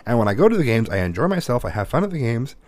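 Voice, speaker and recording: A man's voice: medium pitch, very animated, racing, darkish tone, no room sound. A father chatting casually, rambling, cursing and restarting his sentences often. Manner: rambling, profane, with many restarts. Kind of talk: casual chat.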